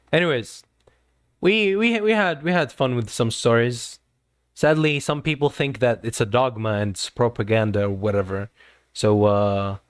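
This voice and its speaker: A man's voice: medium pitch, clean tone, no echo, studio quality. A man streaming live, talking to his chat in an earnest, lecturing way and often repeating himself. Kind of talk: casual livestream talk to chat.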